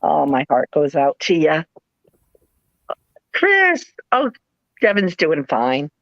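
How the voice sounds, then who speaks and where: A middle-aged woman with a New England accent, hosting a live sale and chatting in a rambling, animated way with playful put-on voices. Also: deep voice, takes it slowly, no room sound, lo-fi sound. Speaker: live sale host, former nurse. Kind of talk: casual chat.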